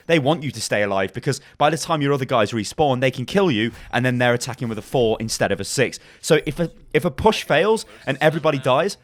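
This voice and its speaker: Worked-up man hammering home game tips. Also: medium pitch. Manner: emphatic, repetitive, worked-up. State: slightly hoarse. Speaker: gaming YouTuber. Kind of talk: fast-paced game tips guide.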